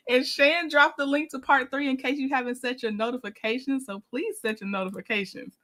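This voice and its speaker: A woman's voice: high voice, brisk, few pauses, a bit bright. A woman hosting a casual livestream, greeting viewers by name and laughing often. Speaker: livestream host.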